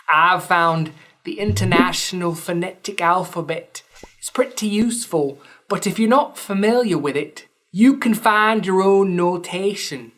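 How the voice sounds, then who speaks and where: A woman's voice: medium pitch, fairly bright tone. A woman podcast host giving a scripted explainer lesson, with dry, wry asides between points.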